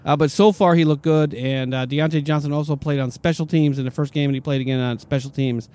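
A young adult man hosting a sports chat, reading team news haltingly with many fillers and repeated words. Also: on the high side, fairly even intonation, dark tone.

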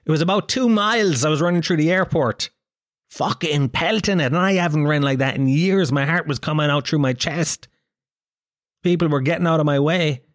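Irish comedian, 30s, animated storyteller, bit of a raised voice, dry room. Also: male voice, fairly high pitch, moderate pace, no room sound. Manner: animated, swearing, acts out quoted voices. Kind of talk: casual storytelling chat.

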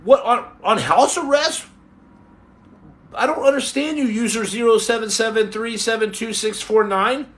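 A man hosting a casual live podcast, joking and teasing viewers in slangy talk that drops into low mutters. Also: moderate pace, a bit bright. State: on house arrest. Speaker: podcast host reading live chat. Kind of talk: casual live-stream chat.

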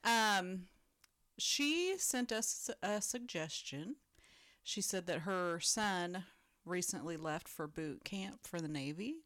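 Slow-talking woman co-host, dry sound. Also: fairly low pitch, lively intonation, a bit bright, no room sound. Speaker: podcast co-host. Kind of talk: casual chat.

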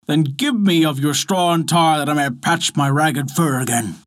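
A man voicing a big shaggy bear in a folk tale, asking gruff, demanding questions. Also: a little high, moderate pace, no room sound, studio quality, close to an everyday voice. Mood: greedy.

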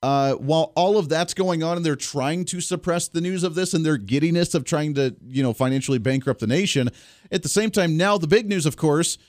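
A man's voice: fairly high pitch, fairly quick, darkish tone, no echo, clean studio sound. A man hosting a political talk radio show in a casual, sarcastic way, laughing at his own jokes.

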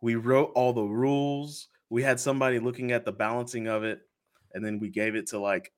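A man's voice: medium pitch, flat delivery, brisk. A man, a podcast host being interviewed, telling a story in casual chat and acting out the quoted dialogue with laughs.

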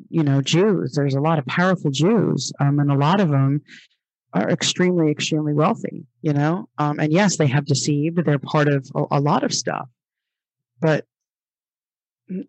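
Husky-voiced woman, emphatic podcast host. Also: low-pitched, darkish tone, dry recording. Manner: emphatic and exasperated, repeats phrases for stress; reads passages aloud and rebuts them. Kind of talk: religious commentary podcast.

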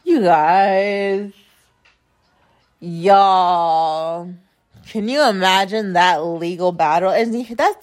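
A woman's voice: medium pitch, a little mellow. A woman hosting a podcast, telling a story in a casual, profane, indignant rant, with lots of filler words. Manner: heavy use of filler "like". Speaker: podcast host.

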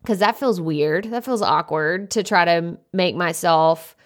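A young adult woman hosting a solo podcast, chatty and naturally loud, speaking into a desktop USB microphone with many casual fillers. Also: lowish voice, measured pace. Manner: chatty, lots of "like" fillers, self-described loud. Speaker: podcast host.

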